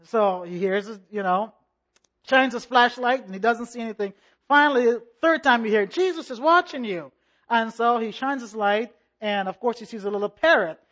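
A pastor preaching a sermon with rhythmic repetition and call-and-response, in a measured, emphatic delivery. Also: medium pitch, fairly bright tone.

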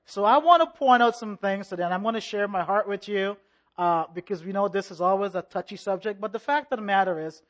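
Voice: medium pitch, brisk. Emphatic preacher leading a sermon. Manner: call-and-response, rhythmic repetition. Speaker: pastor.

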